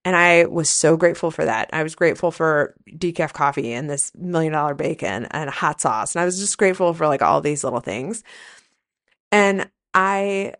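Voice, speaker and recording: A woman's voice: deep voice, normal speed, fairly bright tone. A woman hosting a casual solo podcast, telling a rambling story in a candid, profane way. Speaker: podcast host, nurse and coach.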